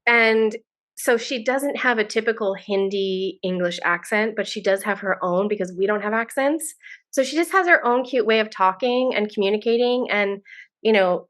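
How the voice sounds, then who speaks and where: A woman guest on a podcast, talking in a casual, effusive way with many restarts. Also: medium pitch. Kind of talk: casual interview chat.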